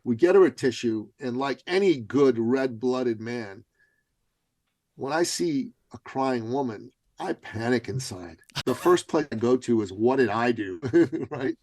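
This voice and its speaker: Animated storytelling man, dry close sound. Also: medium pitch, a little slow, no room sound, low-quality recording. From Canada. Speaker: guest, business coach. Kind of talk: storytelling in a podcast interview.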